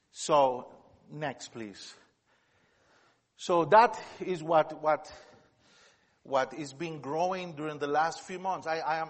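A man from America, a missionary speaker giving a slide presentation. He talks haltingly and often repeats words as he tells stories. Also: a little high. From Latin America. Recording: long reverb of a large hall.

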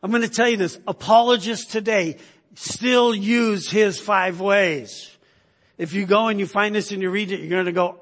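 Male preacher, fairly high voice, husky, emphatic conversational sermon, long hall reverb. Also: normal speed, fairly bright tone. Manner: conversational, emphatic, with frequent "right?" checks.

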